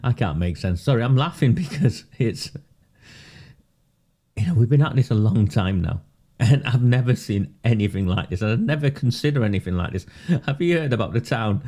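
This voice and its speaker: A man with a lowish, warm voice and lively intonation gives casual live commentary on local politics for his viewers at a moderate pace. His delivery is sarcastic and mocking, and he keeps breaking into laughter.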